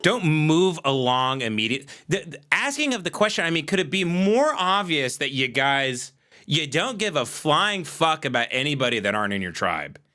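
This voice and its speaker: A man hosting a livestream on a desk mic, ranting in a profane, exasperated way and shouting at times. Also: a little high, very animated, moderate pace. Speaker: livestream host. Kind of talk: casual ranting monologue.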